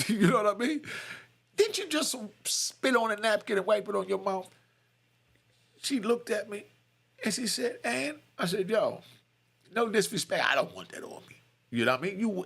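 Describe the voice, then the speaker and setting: A middle-aged man casually telling a raw, blunt personal story in street slang, jumping up high for quoted voices and asking "you know what I mean" again and again. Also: vocal fry, fairly bright tone, slightly rough.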